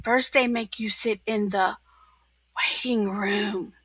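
A woman reading a storybook aloud and voicing a dim-witted, cheerful male starfish with goofy, sudden loud outbursts. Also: high-pitched, very animated, moderate pace, no room sound, heavily acted.

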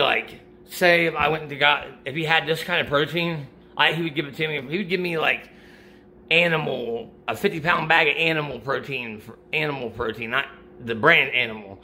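A man's voice: medium pitch, moderate pace, bright, forceful tone, a little hiss or hum. A middle-aged man chatting casually about workout gear and supplements, out of breath after a workout, rambling and restarting his sentences. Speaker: vlogger giving supplement advice. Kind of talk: casual chat.

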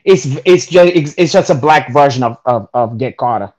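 A man's voice: medium pitch, expressive, normal speed, darkish tone, muffled recording. A man co-hosting a casual chat, rambling and swearing with many restarts. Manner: rambling and profane, lots of restarts. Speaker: co-host.

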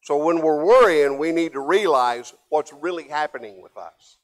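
Older man preaching with loud emphatic swings. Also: expressive, moderate pace. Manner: preaching with swings between loud emphatic peaks and low quiet asides. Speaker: pastor. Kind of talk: sermon.

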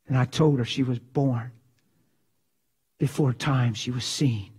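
A male pastor preaching an impassioned sermon in a folksy way, dropping from loud cries to hushed whispers. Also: medium pitch, fairly even intonation, measured pace, pauses often, slightly rough. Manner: folksy, drops into slang like "ain't".

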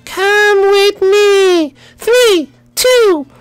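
A man voicing a newborn baby boy who can already talk, speaking slowly and deliberately in a comic game role-play. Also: very high voice, no room sound, soft background music, pitched above the performer's own voice, exaggerated voice. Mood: eerie calm. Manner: slow, deliberate.

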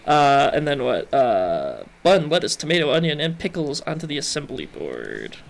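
A man's voice: on the high side, huge pitch swings, measured pace, creaky, few pauses, soft background music. Playful man narrating a game. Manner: playful, jokey, chatty with game characters. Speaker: gaming video host. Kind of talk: let's play commentary.

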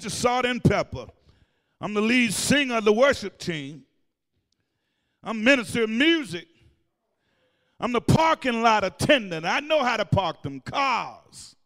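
In a church sanctuary thick with reverb, a man preaches in an unusually high voice. He keeps the congregation answering back, now shouting, now nearly singing his words.

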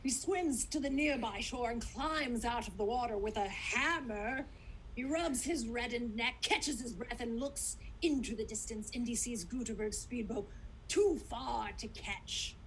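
A woman's voice: fairly high pitch, unhurried, slight background noise, poor audio. A woman reading stage directions at a comedic table read over a video call, slipping playful jokes into the action lines.

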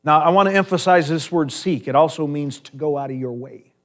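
A man's voice: on the high side, a little fast, fairly bright tone. Joking pastor man preaching a sermon. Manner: storytelling, jokey asides. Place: church sanctuary.

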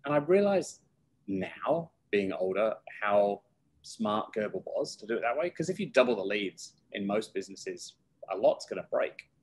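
A middle-aged man, a guest in an interview, telling stories from his career in a lively way and acting out the voices of people he quotes. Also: lowish voice, normal speed, husky, poor audio. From United Kingdom. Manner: lively storyteller who acts out quoted voices. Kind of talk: casual interview storytelling.

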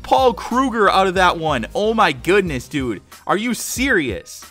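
Young man, gaming commentary, fairly high voice, faint music behind, hyped and casual. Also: sing-song, unhurried. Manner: hyped, exclaims loudly at big pulls; casual, says dude and guys a lot. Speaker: gaming YouTuber. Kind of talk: excited pack-opening commentary.

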